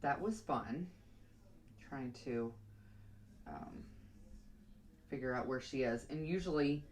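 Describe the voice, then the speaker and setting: A woman's voice: very deep voice, normal speed, pauses often, darkish tone, slight background noise. A young woman vlogger telling a long casual story while doing her hair, rambling and chatty, sometimes muttering to herself.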